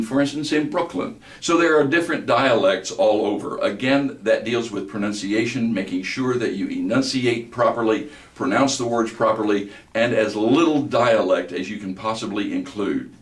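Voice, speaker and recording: Lower-voiced man lecturing in an echoey room. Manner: deliberate, demonstrates words slowly and precisely. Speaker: speech instructor. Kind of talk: recorded lecture. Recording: echoey room, mic at a distance.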